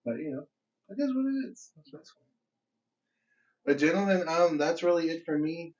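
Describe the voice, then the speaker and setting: A man's voice: a little high, sing-song, normal speed, darkish tone, recorded from a distance. A young man hosting a podcast in casual chat, laid-back, laughing often and swearing casually. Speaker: podcast host. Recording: dull lo-fi podcast audio.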